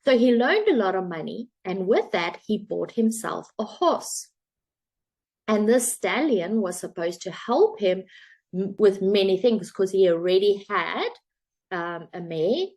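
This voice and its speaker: A woman's voice: medium pitch, lively intonation, a little slow, a little mellow. A woman coach telling a parable and drawing a motivational lesson from it, in a chatty storytelling way with some fillers. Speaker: self-help coach.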